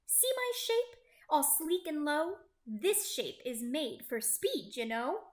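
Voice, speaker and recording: A woman's voice: sits high, very animated, slow, exaggerated voice. A woman voicing an eager, boastful female race car in a picture book read-aloud. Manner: bubbly, boastful, pleading. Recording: roomy echo.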